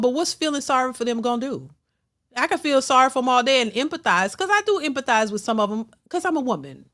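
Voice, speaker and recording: A woman hosting her own reaction vlog, talking in an emphatic, blunt rant. Her voice sits high and sounds bright and cutting. She circles back and repeats herself to drive each point home. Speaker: reaction channel host. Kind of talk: ranting commentary.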